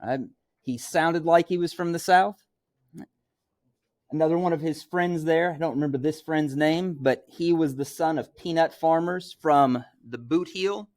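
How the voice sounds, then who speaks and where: A man's voice: on the high side, unhurried, a little mellow. A middle-aged man from Missouri lecturing as a teacher, talking conversationally and checking in with "right?" as he goes. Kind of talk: classroom lecture.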